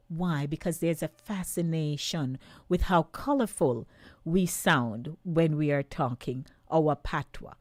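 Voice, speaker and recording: Jamaican woman, radio host, unhurried lively delivery, dry studio sound. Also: low voice, dry recording. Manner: lively, slides into patois. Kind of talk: talk radio monologue.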